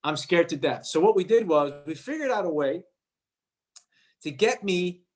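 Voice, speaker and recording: A man with a slightly raised pitch tells an animated story as a guest. He jumps into the voices of others in his tale and often stumbles over and repeats his words. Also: moderate pace. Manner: lively anecdote-telling, acts out quoted voices, repeats words. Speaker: actor guest.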